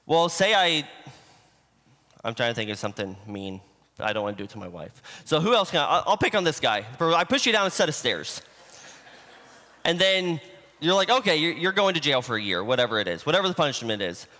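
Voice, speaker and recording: A man's voice: on the high side, big pitch swings, fairly quick, pauses often, sharp tone. A man preaching a sermon in a church, teaching in a conversational way with homespun examples. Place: church sanctuary. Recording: livestream in a reverberant church hall.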